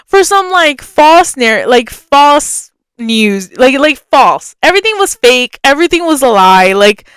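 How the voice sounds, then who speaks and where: A woman podcast host telling a story in a casual, chatty way. She leans on "like" as a filler and jumps her pitch when she acts out other people's voices. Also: very animated, a little slow, few pauses, a bit bright, dry recording.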